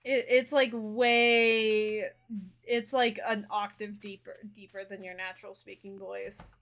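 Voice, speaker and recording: A young woman streamer chatting casually with a guest, animated and playfully teasing, often laughing. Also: medium pitch, takes it slowly.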